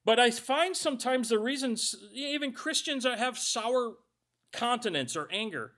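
A man's voice: very high voice, animated, measured pace, pushed and bright. A male pastor giving a conversational sermon, reading scripture aloud and adding joking asides.

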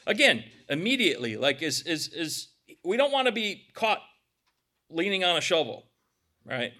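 A man's voice: a little high, big pitch swings, normal speed, sharp tone. A middle-aged man preaching a sermon as pastor, conversational, with casual asides between scripture readings.

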